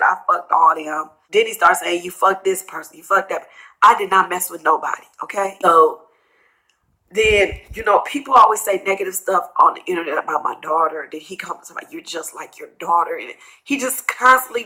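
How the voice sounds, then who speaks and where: A middle-aged woman, tearful and tired, rambling through a personal story in a vlog and quoting others in hushed asides. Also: on the low side, poor audio. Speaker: vlogger telling a personal story.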